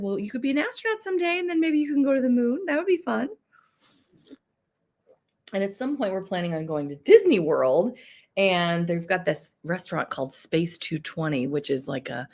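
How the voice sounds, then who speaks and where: A woman's voice: on the low side, creaky. A woman in her thirties hosting a casual livestream, chatting bubbly with viewers and laughing often. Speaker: livestream host. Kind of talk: casual live chat reading comments.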